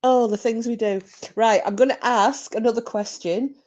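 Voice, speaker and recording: A woman's voice: on the high side, fairly even intonation, normal speed, a little mellow, muffled recording. A woman, chatting casually with her viewers on a live stream and telling rowdy drunken stories with plenty of swearing.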